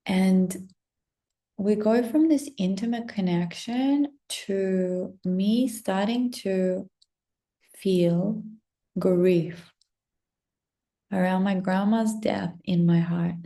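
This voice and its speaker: A young woman telling an emotional personal story to her listeners, swearing a lot and often dropping into soft whispers. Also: mid-range voice, very slow, pauses often. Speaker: spiritual content creator. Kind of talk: confessional storytelling to camera.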